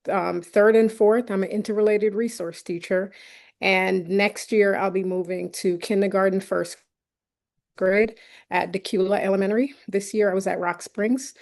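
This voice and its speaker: A woman special education teacher introducing herself briskly on a video call. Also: medium pitch, darkish tone. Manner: quick and brisk at first, listing facts.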